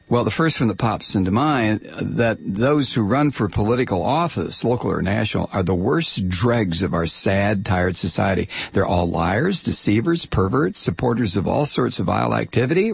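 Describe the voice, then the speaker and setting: Gravelly sarcastic male ranter. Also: on the low side, big pitch swings, normal speed, dry recording. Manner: angry, sarcastic, repeats words when heated. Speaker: commentary show host. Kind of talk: political rant monologue.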